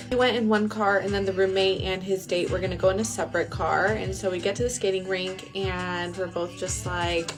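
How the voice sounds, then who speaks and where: Woman, casual storyteller, chatty and loose with fillers and swearing, mid-pitched voice, music under the take. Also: steady tone, moderate pace, hardly any pauses. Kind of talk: casual get-ready-with-me storytime. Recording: music playing behind the voice.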